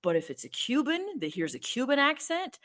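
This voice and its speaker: A woman's voice: high-pitched, very animated, normal speed, fairly bright tone. A woman hosting her own channel, earnestly explaining her points one by one to the camera. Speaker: host.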